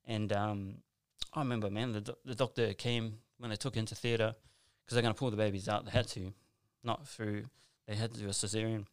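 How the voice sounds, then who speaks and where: A man tells a long personal story, his voice sitting a little low. He rambles earnestly, circling back with asides and restarts. The sound is dry and close, with no room around it. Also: level tone, brisk, hardly any pauses, dry recording. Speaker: guest telling a personal story. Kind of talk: casual conversational storytelling.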